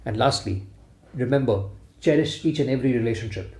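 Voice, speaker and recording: Male motivational speaker, storytelling, emphatic, addresses listeners, warm mellow tone. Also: medium pitch, fairly quick. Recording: echoey room.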